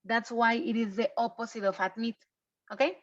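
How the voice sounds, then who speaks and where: A woman teaching English over a video call, her plain as she walks students through grammar. Her voice sits a little high, and she keeps checking in with a patient "okay?". The sound is dull and lo-fi, like a muffled online class. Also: fairly even intonation, moderate pace, a bit bright. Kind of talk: online class review lesson.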